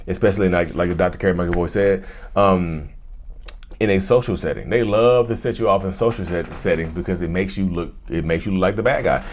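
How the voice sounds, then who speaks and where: Low-pitched man host, animated casual talk to camera, repeats phrases. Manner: animated, repetitive, addresses viewers as y'all.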